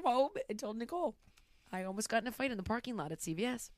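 A woman talking in a casual interview, telling stories in a blunt, profane, animated way. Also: on the high side, fast, no room sound. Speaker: podcast host answering rapid questions.

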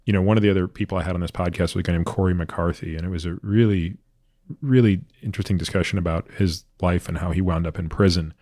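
A man's voice: deep voice, fairly even intonation, fast, mellow, dry recording, clean studio sound. A man hosting a podcast, talking in a loose, reflective way with many fillers. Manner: reflective, loose, lots of "like" and "you know". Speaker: podcast host. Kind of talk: casual interview chat.

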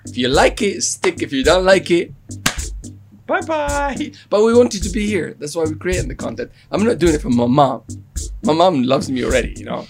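A man hosting a lively chat show from a Dubai studio, playful and laughing with his co-host. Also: fairly high pitch, brisk, gravelly. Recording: music playing behind.

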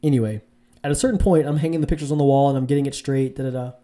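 A man's voice: fairly even intonation, very fast, warm tone. A man casually telling a dating story to camera, rambling with fillers and restarts. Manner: rambling, full of fillers and restarts, mimics women in a high voice. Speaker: vlogger giving dating advice.

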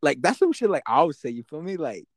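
Young podcast host, wildly swooping pitch. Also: male voice, sing-song, fast talker, no echo, clean studio sound. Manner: slangy and profane, swooping pitch, filler-heavy. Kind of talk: casual podcast chat.

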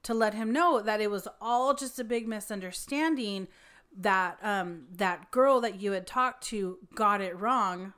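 A woman in casual conversation, telling a lively story with swearing and acted-out quotes. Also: medium pitch, a little slow, clean tone. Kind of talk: casual chat.

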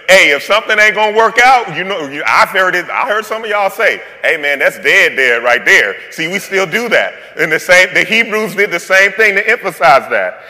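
Man, pastor, sermon, very bright voice, conversational and playful, long hall reverb. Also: sits high. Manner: playful, conversational preaching with slang and asides.

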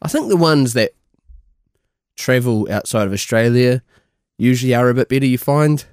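A man co-hosting a casual podcast chat, telling animated, sweary stories and mimicking people. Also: mid-range voice, normal speed, no room sound, studio quality. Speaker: podcast co-host.

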